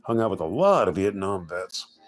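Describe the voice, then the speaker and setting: Over soft background music, a middle-aged man chats with his stream viewers in a deep, sing-song voice at normal speed. His rambling talk is made up of jokey stories, and he often restarts and corrects himself.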